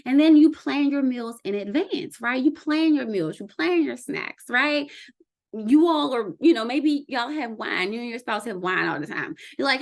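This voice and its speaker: A woman vlogger giving casual wellness advice to camera, chatty and lively, often checking in with "right?". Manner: conversational, often ends with "right?"; lively, quick swings in pitch and loudness.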